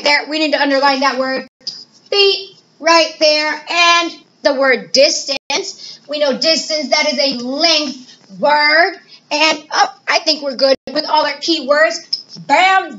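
A bright, high-pitched woman teaching a children's math lesson with playful energy. She asks questions aloud and answers them herself. The recording is a bit dull and lo-fi.

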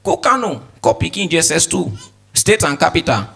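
Bright-voiced Nigerian stand-up comedian. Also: male voice, fairly high pitch, fairly quick, creaky, faint music behind. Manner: animated, mimics children's voices, laughs along.

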